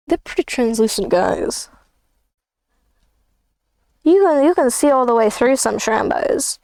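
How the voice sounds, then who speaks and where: A woman's voice: fairly high pitch, moderate pace, mellow, no room sound, studio quality. A woman, chatting casually on a livestream while drawing, rambling playfully with jokey asides. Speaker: streamer.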